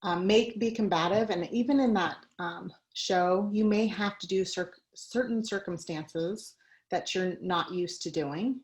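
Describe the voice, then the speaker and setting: A woman's voice: fairly low pitch, measured pace, poor audio. A woman giving a conversational talk on a video call, mixing personal stories with practical advice and light laughs. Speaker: guest speaker.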